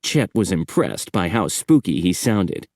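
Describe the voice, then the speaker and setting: A man narrating a horror audiobook in a measured storytelling manner. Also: deep voice, big pitch swings, darkish tone, dry recording, clean studio sound.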